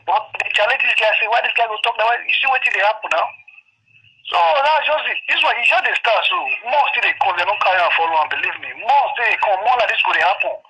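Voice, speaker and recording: A man's voice: sits high, pushed and bright, slightly rough, low-quality recording. A man from Edo State in Nigeria, with a Nigerian accent, calling in to a live video and pressing his point with repeated checks that he is understood. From Benin City, Edo State, Nigeria. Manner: insistent, keeps asking "you understand?". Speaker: caller. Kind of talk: phone-in opinion on a live video.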